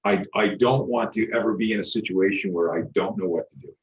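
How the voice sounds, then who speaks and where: Middle-aged man, low register, animated guest storyteller acting out dialogue. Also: a little fast, dull audio, slight background noise. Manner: animated, acts out quoted dialogue, frequent restarts, swears. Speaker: guest, self-defense instructor.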